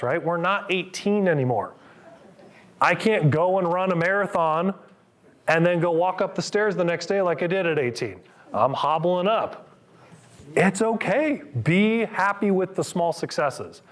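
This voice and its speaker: A middle-aged man, a physical therapist, coaching a live group through exercises with upbeat cues and counts. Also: high-pitched.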